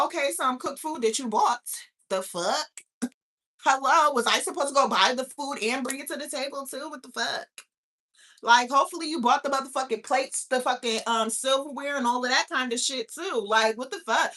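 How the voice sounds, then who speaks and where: High, bright-voiced woman ranting. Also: normal speed. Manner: profane, incredulous, rhetorical questions. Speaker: host of a live talk stream. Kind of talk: casual live-stream rant.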